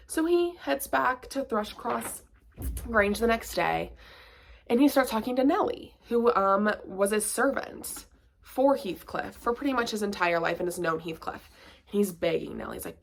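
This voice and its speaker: A woman talks through a book review in a loose, chatty vlog style, with filler words and playful sarcastic quips. Her pitch sits in a middle range and her delivery is relaxed and conversational. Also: measured pace, gravelly. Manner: chatty, lots of "like" and asides.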